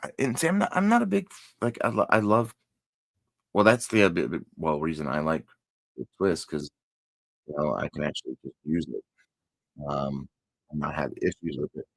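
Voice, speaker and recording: A man's voice: rumbling low, very animated, moderate pace, gravelly, pauses often, dry recording, rough recording. A man with a Texan accent hosting a crochet channel, chatting casually and rambling, often correcting himself mid-sentence. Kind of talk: casual chat to viewers.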